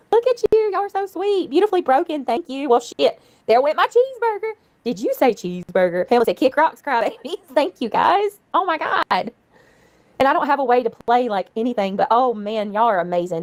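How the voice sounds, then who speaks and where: A woman's voice: a little high, no echo. A woman livestreaming in casual chat, giggling, swearing freely and thanking her viewers.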